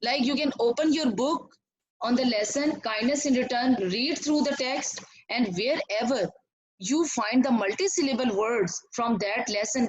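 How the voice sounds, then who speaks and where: A woman teaching an online class to young pupils, slowly repeating words and clapping out syllables. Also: a little high, rough recording. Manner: slow, repetitive, clapping out syllables.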